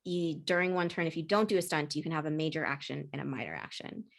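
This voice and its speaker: A woman runs a tabletop game, her voice sitting a little low. She explains the rules in a relaxed, rambling way, circling back and restarting. She narrates scenes in the same easy tone. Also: fast, vocal fry. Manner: casual, explanatory, with frequent fillers and restarts. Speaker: game master.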